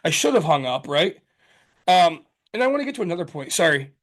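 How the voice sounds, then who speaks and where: A man's voice: a little high, very animated, fairly quick, a bit bright. A man co-hosting a casual podcast chat, heated and profane, telling stories with acted-out quotes. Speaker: podcast co-host.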